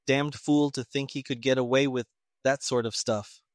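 A man voicing an impatient, gruff middle-aged army colonel who snaps curt orders. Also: medium pitch, fairly even intonation, normal speed, no room sound, studio quality, natural voice.

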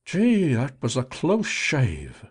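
A man voicing a slow-witted, nervous male night watchman who mutters in rough, ungrammatical speech. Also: mid-range voice, huge pitch swings, exaggerated voice. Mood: flustered relief.

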